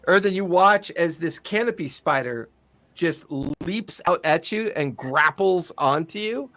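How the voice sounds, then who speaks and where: A man with a fairly high voice runs a tabletop game, describing the action in a playful way. He laughs often while he narrates. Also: animated, unhurried, background noise. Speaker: game master.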